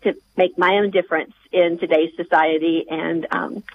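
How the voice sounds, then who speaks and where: A woman's voice: on the low side, fairly even intonation, normal speed, highs cut off, slight background noise. A woman author being interviewed on the radio, speaking earnestly with frequent hesitations. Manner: earnest, hesitant, many fillers and restarts. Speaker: author and guest.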